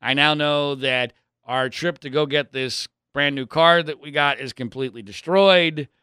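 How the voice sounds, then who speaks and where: Man, exasperated storyteller, bright forceful voice, smooth and dry close sound. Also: a little high, a little slow, dry recording. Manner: exasperated, swinging from loud to muttered. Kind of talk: personal storytelling monologue.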